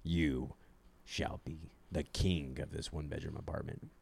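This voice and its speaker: A man voicing a deep-voiced regal father who addresses his baby son in a slow, mock-solemn way. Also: steady tone, gravelly, a little mellow, a little hiss or hum, full character voice.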